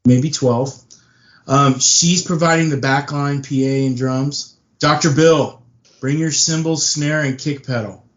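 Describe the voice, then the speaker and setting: A man's voice: medium pitch, fairly even intonation, a little slow, low-quality recording. Joking Texan man on a podcast. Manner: joking, storytelling. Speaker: podcast co-host. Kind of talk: casual chat.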